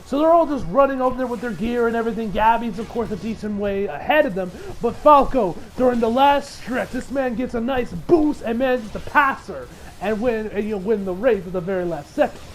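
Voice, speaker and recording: High-voiced man in a casual recap. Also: a little fast, poor audio. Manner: loose, rambling, swears freely, acts out quotes. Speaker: anime reviewer.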